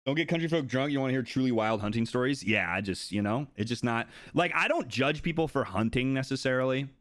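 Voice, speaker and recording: A lively male streamer telling a story to his chat, his pitch swinging widely as he acts out what others said. He swears casually and talks straight into a close mic with a dry, dead sound. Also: quick pace, no room sound. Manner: animated, swears freely, mimics others in a higher voice.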